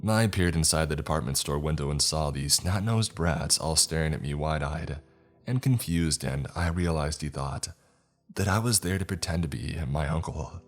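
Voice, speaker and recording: A man with an extremely deep, low voice narrates a scripted horror-comedy story. His delivery is dry and sardonic, and faint music plays underneath. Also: moderate pace.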